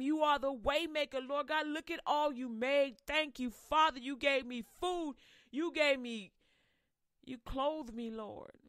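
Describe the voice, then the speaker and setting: A preacher woman doing a worshipping old-testament man, voice lifted way up high and loud, fervent and grateful, calling out thanks slowly over a close dry mic. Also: no echo, exaggerated voice. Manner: fervent, exclaiming praise. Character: early biblical man, overjoyed and grateful in praise.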